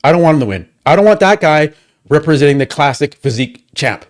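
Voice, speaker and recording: A man's voice: fairly high pitch, animated. Man ranting heatedly, swearing a lot. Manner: profane, heated, rapid repetitions and rhetorical questions. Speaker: livestream host. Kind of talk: angry watchalong rant.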